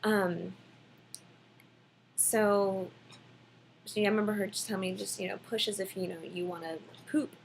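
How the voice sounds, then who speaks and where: Young woman, casual home vlogger, chatty storyteller, mild vocal fry, faint background hum. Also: mid-range voice, normal speed, pauses often, low-quality recording. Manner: chatty, many fillers, quotes others in lively voices.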